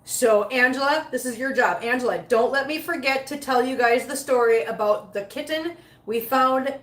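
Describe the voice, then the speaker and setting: A woman chatting casually with her live viewers while cleaning litter boxes at home, laughing often and talking to her cats. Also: on the high side. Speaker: cat vlogger reading live chat. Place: home with many cats, litter box area. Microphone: phone set up nearby. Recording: echoey room.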